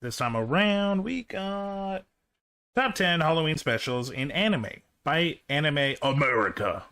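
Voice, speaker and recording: A man's voice: on the high side, lively intonation, measured pace, pushed and bright, clean tone. A man hosting a casual reaction video, enthusiastic and casually profane.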